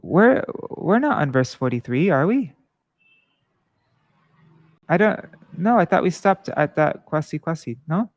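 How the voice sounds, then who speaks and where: A man reading devotional scripture and commentary aloud to a class, measured and earnest, with small restarts. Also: a little high, animated, dry recording.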